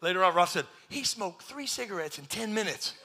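A man preaching a sermon, telling a story with jokes, now and then shouting, then dropping to a hushed near-whisper. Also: high-pitched, a little fast, slight background noise. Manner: animated joking storyteller, bursts into shouts. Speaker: pastor.

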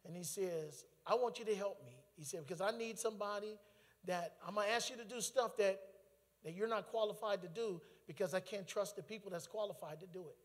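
Man, high voice, animated testimony preacher, reverberant hall. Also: fairly quick. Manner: animated storytelling with laughter and asides. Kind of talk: testimony sermon.

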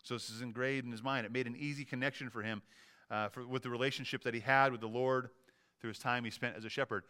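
A middle-aged pastor preaching a sermon, his voice bright and forceful. He speaks earnestly and stresses key words, often restarting a phrase mid-thought. His tone stays smooth and resonant throughout. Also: mid-range voice, fairly even intonation, quick pace.

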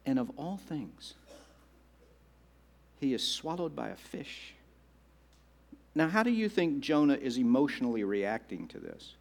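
A male pastor delivering a sermon, repeating phrases and slowing down for emphasis. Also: medium pitch, very animated, vocal fry, a little mellow. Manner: repetitive and dramatic, slowing down for emphasis.

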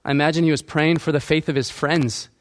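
A man's voice: a little high, steady tone, quick pace. A male pastor preaching a sermon, asking the congregation questions and acting out quoted lines.

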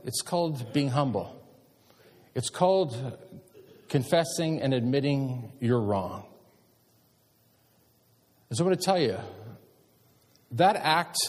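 A middle-aged man, a pastor preaching a sermon and telling stories with animated emphasis. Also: mid-range voice, breathy edge. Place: church sanctuary. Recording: long church hall reverb.

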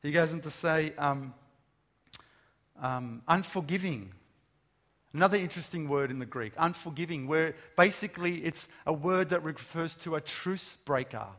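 A man's voice: on the high side, moderate pace, a bit bright. A man preaching a sermon to a room of listeners, speaking emphatically, posing rhetorical questions and stressing words one by one in lists. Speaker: pastor. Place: large room with an audience. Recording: long reverb of a large hall.

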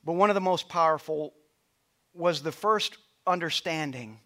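High-voiced preaching pastor. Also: male voice, moderate pace. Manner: builds to loud passionate preaching, then drops to soft storytelling. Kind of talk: sermon. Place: church auditorium with stage lights.

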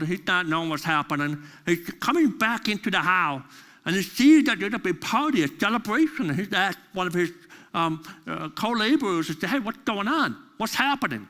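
A man preaching a sermon with animated storytelling and repeated phrases. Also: high-pitched, in a large hall. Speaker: pastor.

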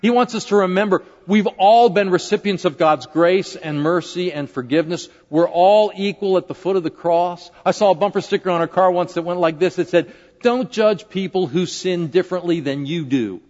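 A man's voice: high-pitched, moderate pace, darkish tone. A man, a pastor, preaching a conversational sermon in a large church sanctuary, often asking the congregation questions. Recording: dull lo-fi recording with long hall reverb.

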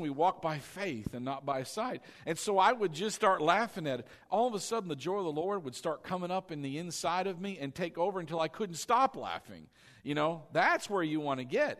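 A man preaching a sermon as pastor, animated and coaxing his congregation to repeat lines after him. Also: a little high.

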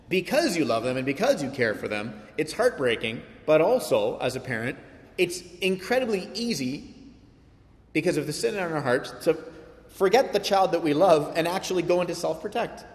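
A male pastor in his thirties preaching a sermon with earnest, emphatic delivery and rhetorical questions. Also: fairly high pitch. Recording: long hall reverb.

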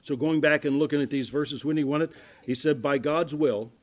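A male pastor delivers sermon-style Bible teaching with a voice that sits a little higher than most men's. He talks conversationally and restarts his words often. He swings from loud emphasis to hushed, quiet asides. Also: fairly even intonation, moderate pace.

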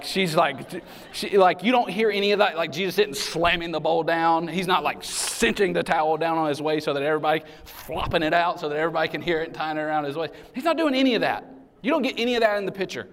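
Man preaching casually in a big hall. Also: a little high. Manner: conversational preaching with casual asides and acted-out quotes. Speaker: pastor. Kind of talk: sermon. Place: large hall. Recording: reverberant hall sound.

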